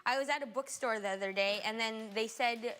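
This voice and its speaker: A woman's voice: a little high, a little fast, noisy background. A young woman from Alaska chatting as a talk show guest, giggly and saying "like" a lot. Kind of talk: casual chat.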